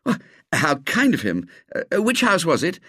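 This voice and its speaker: A man reading aloud and voicing an excitable, flustered young man who stammers and exclaims. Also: a little high, measured pace, no room sound, clean studio sound, pitched above the performer's own voice, full character voice.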